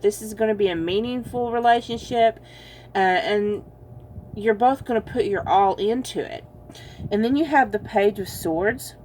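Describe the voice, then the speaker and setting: A woman's voice: mid-range voice, a little mellow. A woman giving a casual tarot card reading, chatty and teasing, laughing often and calling her viewers y'all. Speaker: tarot reader.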